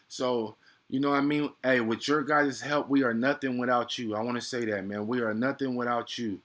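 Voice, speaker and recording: Young male streamer, bright forceful voice, slangy and excitable play-by-play caller. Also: on the high side. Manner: excitable, slangy, chatty with viewers. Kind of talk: casual live play-by-play commentary.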